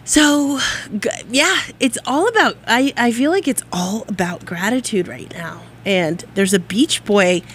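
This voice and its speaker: A woman's voice: fairly high pitch, lively intonation, a little slow, slight background noise. A woman hosting a radio show in a studio, talking in an effusive, rambling, upbeat way. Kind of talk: casual on-air monologue.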